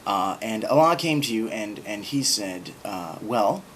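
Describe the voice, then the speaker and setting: A man's voice: lowish voice, expressive, measured pace, a bit bright, a little hiss or hum. A man talking casually to camera in a rambling, sarcastic monologue with lots of filler words. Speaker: video blogger.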